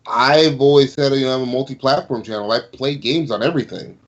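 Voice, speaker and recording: Male gaming YouTuber, mid pitch, dull lo-fi mic sound, opinionated and explaining. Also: fairly quick. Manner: opinionated, explains, swears casually. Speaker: YouTube gaming channel host. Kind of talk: casual podcast chat.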